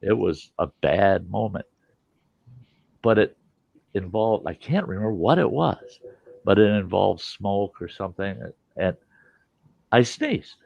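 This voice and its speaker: A man's voice: lowish voice, expressive, measured pace, vocal fry, pauses often, dry recording. A man hosting a casual show and telling rambling, swearing anecdotes. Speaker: host. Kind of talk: casual storytelling. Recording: dull lo-fi dry sound.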